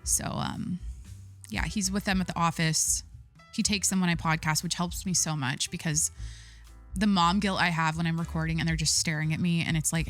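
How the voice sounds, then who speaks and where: Forceful, chatty woman podcast host. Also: on the low side, steady tone, normal speed, soft background music. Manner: forceful, talks with full chest; chatty, rambling with many fillers. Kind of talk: casual solo podcast chat.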